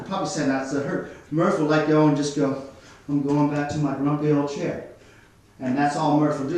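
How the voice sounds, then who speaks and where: An Australian man working as a dog trainer, explaining dog behaviour in an instructive way and giving calm commands to the dogs. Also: fairly high pitch. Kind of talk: explaining while demonstrating. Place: studio. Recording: echoey room, mic at a distance.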